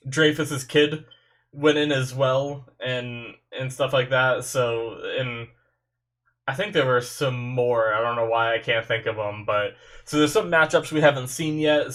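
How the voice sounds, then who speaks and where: A man's voice: mid-range voice, fairly bright tone. A young man with a stuffy nose, rambling casually as he reacts to an anime episode, full of fillers like "like" and "you know".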